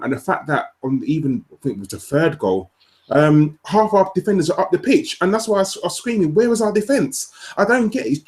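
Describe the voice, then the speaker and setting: A man talking football on a podcast in a middle-pitched voice. He speaks plainly and colloquially, his frustration pushing through as he makes his case. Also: darkish tone. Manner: passionate, exasperated, colloquial. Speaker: podcast panelist. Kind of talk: casual football chat.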